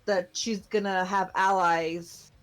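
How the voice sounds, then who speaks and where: A woman's voice: on the low side, fairly even intonation, takes it slowly. A young woman co-hosting a podcast, casually retelling an anime episode in a loose, chatty way full of fillers. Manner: chatty, loose storytelling with many fillers and laughs. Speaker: podcast co-host. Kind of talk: casual chat recapping an anime.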